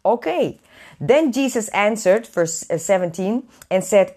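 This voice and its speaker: Woman preacher, live stream host, bubbly, greets viewers, mid pitch. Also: a little slow, husky. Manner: warm, excitable, greets viewers by name with high squeals. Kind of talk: lively live-stream Bible teaching. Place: away from home, indoors.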